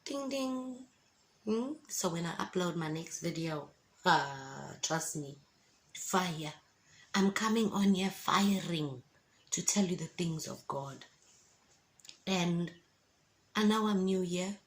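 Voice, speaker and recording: A woman shares an emotional faith testimony at home, speaking slowly and deliberately. Her voice sits a little low, and she talks with fervent feeling, often asking her listeners if they understand. A faint hum of noise runs underneath. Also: low-quality recording. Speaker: Christian vlogger giving a testimony. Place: at home indoors with windows open.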